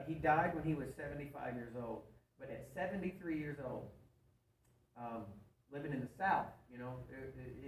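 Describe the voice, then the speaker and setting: A man's voice: mid-range voice, slight background noise. Earnest man preaching in a roomy hall. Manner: folksy, earnest, repeats himself, asks the audience questions. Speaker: speaker at a men's meeting. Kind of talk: sermon-style storytelling. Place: church hall before an audience. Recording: roomy, distant live hall recording.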